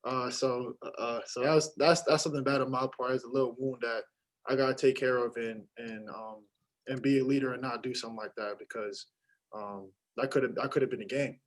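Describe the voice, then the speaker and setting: A young college basketball player answers postgame press questions haltingly, with many fillers and restarts. His voice is medium-pitched with fairly even intonation, and the audio is poor.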